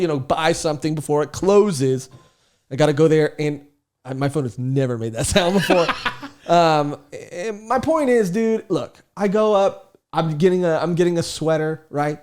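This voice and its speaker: A man's voice: on the high side, moderate pace, a little mellow. A young man telling a comedic story on a podcast, rambling, swearing and laughing often, saying "dude" a lot. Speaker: podcast co-host. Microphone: studio podcast mic.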